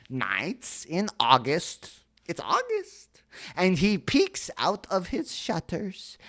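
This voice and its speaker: A woman reading a children's story aloud, often stopping for playful, joking asides and correcting her own stumbles over the made-up words. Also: very deep voice. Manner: playful, self-interrupting, swears then apologizes.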